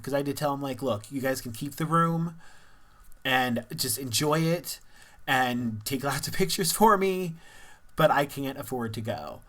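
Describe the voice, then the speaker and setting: A man's voice: medium pitch, a bit bright. A young man from Missouri talking candidly in a casual personal vlog, rambling and laughing now and then. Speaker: vlogger.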